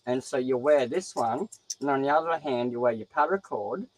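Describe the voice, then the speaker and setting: A young Australian man chats casually about crafts, his medium-pitched voice moving at a normal speed over poor audio. He's animated and rambling, swearing freely as he goes.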